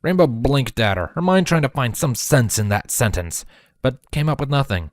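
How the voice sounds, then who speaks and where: A man narrating a fan fiction audiobook in a steady storytelling manner. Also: mid-range voice, moderate pace, no echo, studio quality.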